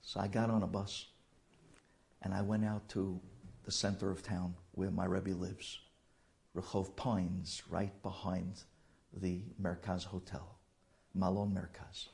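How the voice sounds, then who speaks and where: A man telling an emotional personal story in a halting way, dropping to whispers and mixing in Yiddish and Hebrew terms. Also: low voice, level tone, creaky, a little mellow.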